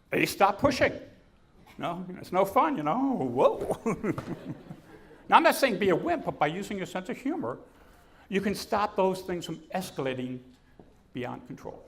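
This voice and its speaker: A man delivers a humorous keynote at a conference, his voice sitting a little on the high side. He tells stories with energy and slips into the voices of the people he quotes. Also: husky. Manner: storytelling, animated, acts out quotes. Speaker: keynote speaker. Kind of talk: comedic keynote speech. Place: conference stage.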